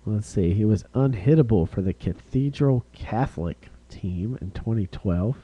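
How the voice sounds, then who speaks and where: A man hosting a live-streamed card break, calling out each card and who gets it, getting excited over rare hits. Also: on the low side, measured pace, slightly rough, muffled recording. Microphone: streaming setup.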